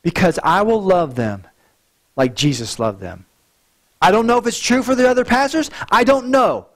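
A man's voice: sits high, lively intonation, normal speed, fairly bright tone. A male pastor preaching a sermon in an earnest way, often repeating words as he restarts a thought.

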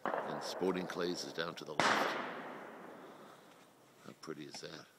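A man narrating a casual home video outdoors, relaxed and admiring, with a few halting restarts and a little out of breath. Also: extremely low pitch, very noisy. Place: outdoors on a country property.

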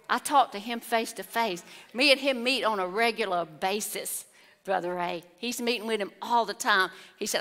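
A woman's voice: mid-range voice, normal speed, bright, forceful tone. A woman preaching a sermon, telling the story with exclamations and acted-out voices. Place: church hall. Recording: long hall reverb.

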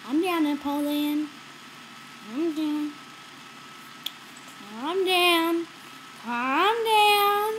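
A woman's voice: very high-pitched, extremely slow, pauses often, a bit bright, poor audio. A teenage girl casually talking to her pet dog, playful and coaxing, repeating soothing phrases. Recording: home video with clear background noise.

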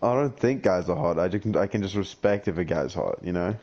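A man's voice: low voice, a little fast, a little mellow, highs cut off. A young man chatting with a friend during a game, joking, swearing freely and trailing off in mumbles. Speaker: friend on stream. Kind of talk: casual gaming chat.

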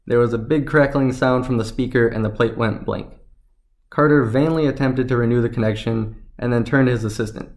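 A man narrating a science fiction story in a steady, even reading. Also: medium pitch, brisk.

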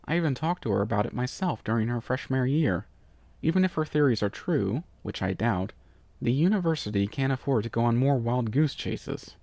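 A man's voice: medium pitch, animated, normal speed, creaky, a little mellow, no room sound. A man voicing a curt, dismissive university dean, read out as a letter in a storybook reading.

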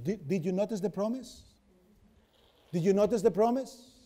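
A man's voice: sits high, normal speed, long pauses, dark tone. A man, a pastor, preaching a sermon and telling stories, with many rhetorical questions to the congregation.

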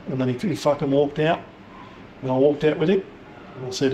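A man's voice: a little high, steady tone, a little fast, pauses often, dark tone, a little hiss or hum. A man with an Australian accent, a podcast guest telling stories in blunt casual chat, swearing freely. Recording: echoey room, faint ambience.

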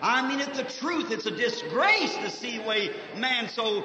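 High, bright-voiced preacher in an echoey hall. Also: male voice, animated, unhurried, hardly any pauses, a crowd in the background. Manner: folksy, fervent, swings between soft asides and shouting. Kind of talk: revival sermon. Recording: 1950s archive recording, echoey hall, dull lo-fi, faint hiss.

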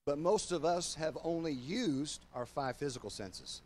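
An older man, a pastor, preaching a sermon to his congregation and online viewers, moving from loud emphatic declarations to low, slow confiding passages.

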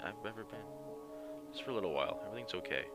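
A man's voice: fairly low pitch, lively intonation, rapid-fire, natural voice. A man voicing an anxious, volatile young woman in love, pleading and near tears, with game music underneath. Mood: pleading, distraught.

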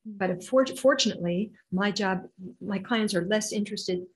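Animated woman telling healing stories. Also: mid-range voice, moderate pace, rough recording. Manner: animated, acts out quoted voices. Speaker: intuitive healer guest. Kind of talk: storytelling interview answer.

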